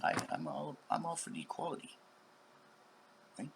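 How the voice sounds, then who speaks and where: Profane rambling man, wildly lively pitch. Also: normal speed, creaky, background noise. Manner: profane, swings between whispers and shouts. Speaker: vlogger. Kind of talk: rambling monologue.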